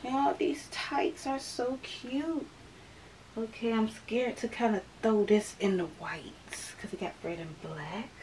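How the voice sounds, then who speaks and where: A woman's voice: a little high, slow, a little mellow, slight background noise. A young woman, chatting casually to her viewers at home, a little out of breath. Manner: chatty, keeps calling the viewers y'all. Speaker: vlogger. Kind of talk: casual vlog chat to viewers.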